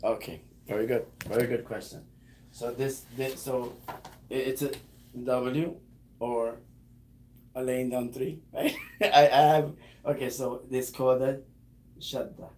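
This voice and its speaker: A man teaching a beginner one-on-one in a casual lesson, patiently repeating words slowly. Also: medium pitch, little pitch movement, darkish tone, a little hiss or hum. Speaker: Arabic teacher.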